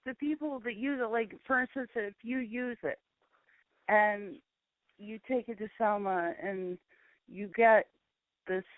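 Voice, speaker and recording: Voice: medium pitch, steady tone, measured pace, long pauses, no room sound. A paranormal talk show host interviewing a guest by phone, reacting with short gasps and exclamations. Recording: tinny dry phone line.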